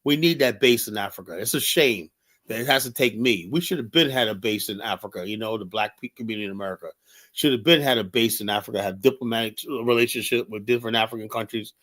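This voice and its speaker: A blunt male livestream host speaking at an ordinary, middle pitch. He rambles in a loose, casual way, scattering "you know" and "right?" through his talk. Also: fast talker, fairly bright tone.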